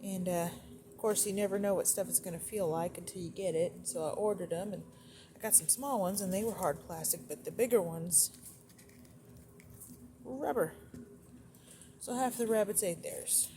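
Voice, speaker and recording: A woman giving a relaxed, chatty tour of her rabbit barn as a breeder, pausing now and then between thoughts. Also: mid-range voice. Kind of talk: casual walkthrough narration. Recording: noisy barn ambience. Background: barn ambience noise.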